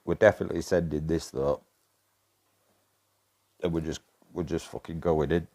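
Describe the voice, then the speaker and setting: A man with a broad Yorkshire accent and a notably low voice, chatting loosely with his viewers during a live game stream. He swears freely and keeps up easy banter. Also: fairly even intonation, normal speed, mellow. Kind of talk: casual live-stream chat.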